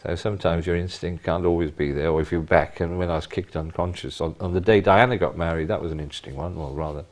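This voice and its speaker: An older man with a very deep voice tells his stories in an interview. He is animated and punches key words with sudden emphasis. He speaks as a retired police officer recalling his career. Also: fast, few pauses. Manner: animated storyteller, bursts of emphasis. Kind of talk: anecdotal interview.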